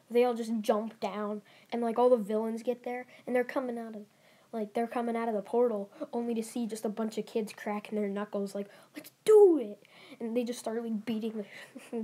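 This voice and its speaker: A woman's voice: a little high, warm tone, slight background noise. A young woman narrating a fan story in a casual, rambling way, giggling and restarting often. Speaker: channel host.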